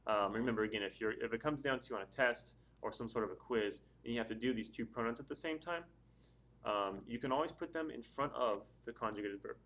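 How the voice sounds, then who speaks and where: A man and Spanish teacher, giving a recorded lesson and slowly repeating words to model their pronunciation. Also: mid-range voice, fairly bright tone.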